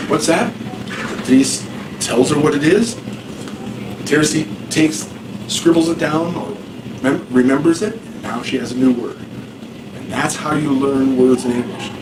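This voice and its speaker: Guy rambling through a classroom lesson, chatty, echoey room w/ lots of noise. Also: on the high side. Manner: rambling, conversational, asks the class questions. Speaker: ESL teacher. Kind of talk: classroom lecture. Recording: echoey room, distant mic, noisy.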